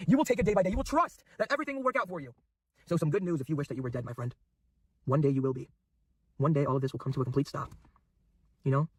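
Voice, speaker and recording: A man's voice: mid-range voice, slightly rough, no room sound. A young man giving an emotional, intense motivational monologue, repeating phrases for emphasis. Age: young adult. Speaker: YouTuber.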